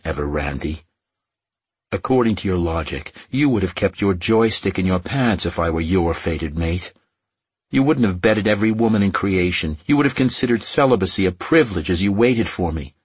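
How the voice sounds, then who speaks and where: A man reads a fantasy romance novel aloud in a deep, slightly husky voice. The recording is close and dry. He lifts or drops his voice a little for the characters' dialogue without fully acting them out. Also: lively intonation, moderate pace, no room sound. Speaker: audiobook narrator. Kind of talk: scripted narration.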